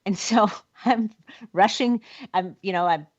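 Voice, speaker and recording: A woman hosting a podcast interview, upbeat and quick to laugh. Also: mid-range voice, dull audio. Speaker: podcast host. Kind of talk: casual interview chat.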